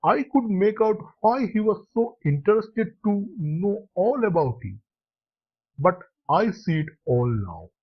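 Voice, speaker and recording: A man's voice: high voice, big pitch swings, unhurried, heavily acted. A man doing a jovial teasing young painter. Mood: amused. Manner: chuckling, teasing. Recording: dull lo-fi recording.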